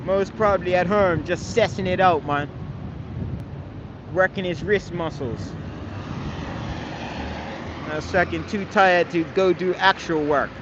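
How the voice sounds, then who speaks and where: A man's voice: high-pitched, slow, pauses often, dull audio, noisy background. A man on a live stream arguing with his chat, confrontational and scolding, swearing often and tagging his lines with "man". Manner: repeats phrases, tags lines with "man". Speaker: livestreamer answering chat.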